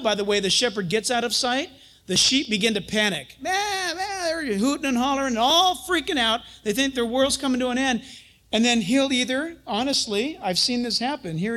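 A pastor and Bible teacher giving a sermon, telling stories in an animated way, chuckling often and acting out quotes. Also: male voice, extremely high pitch.

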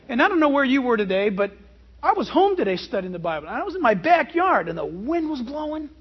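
A man delivers a sermon as pastor, his voice pitched unusually high. He preaches with emphatic, animated energy, leaning on rhetorical questions. The recording sounds dull and lo-fi. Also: a little fast, breathy edge.

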